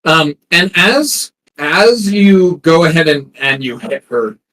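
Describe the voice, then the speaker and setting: A man's voice: fairly high pitch, lively intonation, slow, a bit bright, poor audio. A man narrating a tabletop game as game master, hesitant and full of ums and restarts.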